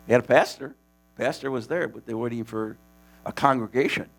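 A man casually telling the story of a preaching mission, animated and laughing, with many restarts. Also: mid-range voice, a little fast, gravelly.

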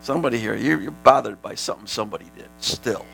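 A man preaching a sermon as pastor, animated, sometimes shouting, and laughing with his congregation. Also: medium pitch, fast, vocal fry, soft background music, poor audio.

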